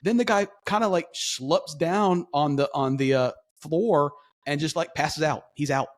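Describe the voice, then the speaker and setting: A middle-aged man telling a long story on a podcast, animated and full of restarts. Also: fairly high pitch, unhurried. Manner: animated, acts out quoted voices, rambling restarts. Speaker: podcast co-host. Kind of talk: casual storytelling chat.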